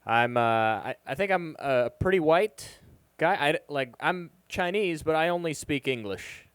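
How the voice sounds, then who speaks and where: A young man doing stand-up at an open mic in a bar, with a smooth, clear voice. He talks in a casual, halting way, full of little ums. The sound is dry and close on a handheld mic. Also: fairly high pitch, animated, a bit bright, no echo. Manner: casual, hesitant delivery with many ums. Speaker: stand-up comedian. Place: live music bar stage.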